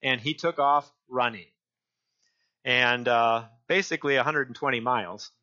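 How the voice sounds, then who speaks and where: A male pastor preaching a sermon, deliberate and often repeating and restarting his phrases. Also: medium pitch, pushed and bright, lo-fi sound.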